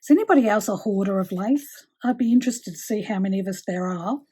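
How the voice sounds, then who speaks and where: Mellow-voiced woman demonstrating a craft. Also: medium pitch, lively intonation, fast talker, breathy edge. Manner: chatty, many fillers, talks while working with her hands. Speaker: craft tutorial host.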